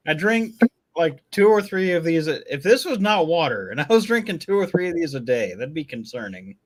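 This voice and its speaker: A man's voice: a little high, big pitch swings, moderate pace. A man hosting a casual live stream, joking and laughing with co-hosts. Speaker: stream host.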